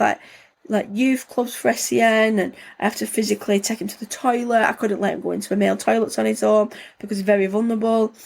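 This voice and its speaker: A woman's voice: medium pitch, vocal fry. A woman, hosting a podcast in a casual, rambling chat with lots of fillers. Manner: chatty, rambling, many fillers like "like" and "you know". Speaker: podcast host.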